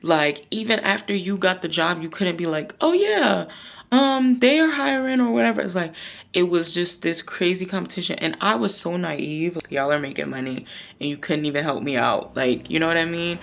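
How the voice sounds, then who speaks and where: Gravelly-voiced woman telling a story. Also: low-pitched, normal speed, a bit bright, a little hiss or hum. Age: 30s. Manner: rambling, confiding, full of "like". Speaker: vlogger. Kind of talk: personal storytime. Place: outdoors, windy.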